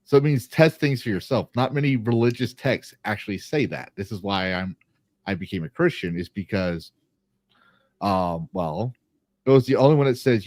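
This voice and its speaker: Male podcast host, lower register, rambling earnest talker, dead-dry sound. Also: lively intonation, moderate pace, a little mellow, dry recording. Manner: rambling, restarts and fillers, earnest. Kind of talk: casual podcast chat.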